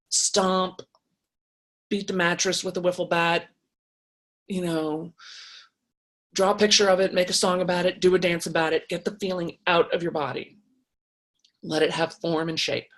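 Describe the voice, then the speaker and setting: A woman hosting a casual advice talk, reading viewer comments and answering them in an animated, frank way with many restarts. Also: on the low side.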